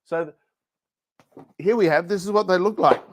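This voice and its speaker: A man demos products on a casual livestream, joking and rambling as he goes. His voice sits fairly high for a man. The sound is close and dry, with no room echo. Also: normal speed. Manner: playful, jokey, rambling. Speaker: livestream shopping host. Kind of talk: casual product demo chat.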